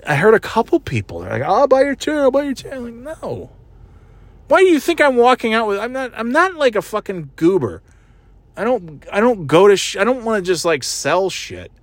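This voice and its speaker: This man's voice sits high and is very animated at a moderate pace, with no echo. He's a vlogger who has just left a wrestling event in a city, rambling casually, cursing heavily, laughing frequently, and making silly sound effects.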